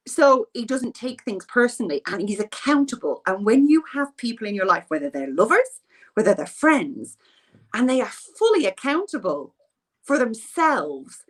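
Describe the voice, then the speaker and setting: A woman's voice: mid-range voice, big pitch swings, normal speed. A middle-aged woman in an interview, telling a personal story in an earnest, rambling way and often repeating herself.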